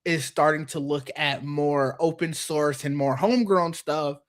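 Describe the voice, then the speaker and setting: A man's voice: a little high, unhurried. A man co-hosting a tech podcast, chatting casually and rambling, with frequent restarts and easy laughter. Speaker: podcast co-host.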